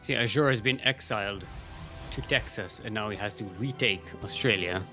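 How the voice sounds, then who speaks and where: A man's voice: lowish voice, normal speed, music in the background. A man casting a live video game match, joking and often restarting his sentences. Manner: rambling, jokey, frequent restarts. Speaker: esports caster.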